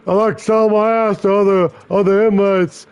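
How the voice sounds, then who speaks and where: A man putting on a high mocking inmate voice. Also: little pitch movement, normal speed, clean tone, lo-fi sound, natural voice. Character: mocking swishy male inmate.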